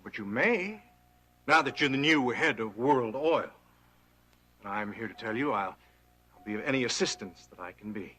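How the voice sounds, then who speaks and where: An actor playing a smooth, ingratiating businessman in an 1980s TV soap. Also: mid-range voice, animated, moderate pace, pauses often, pushed and bright. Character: smooth scheming businessman called Justin.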